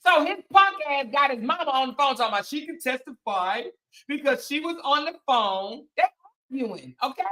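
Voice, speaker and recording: A woman host reacting to clips, talking in an animated, sassy way that leans hard on her points. Her voice sits a little high and sounds bright and sharp. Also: normal speed, poor audio. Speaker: commentary host. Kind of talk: reaction commentary.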